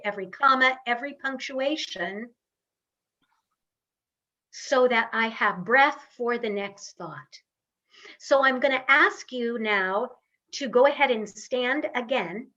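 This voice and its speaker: Woman voice coach, fairly high voice, unhurried calm guidance, dull lo-fi webinar sound. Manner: slow, calm, guiding instructions. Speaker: voice and speaking coach. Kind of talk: online workshop instruction with guided breathing.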